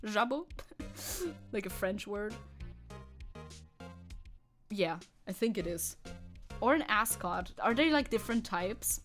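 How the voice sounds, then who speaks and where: A woman's voice: mid-range voice, lively intonation, faint music behind. A young woman streaming a game, chatting casually with her chat and laughing often. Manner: giggly, chatty, quick to laugh. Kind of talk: casual gameplay commentary.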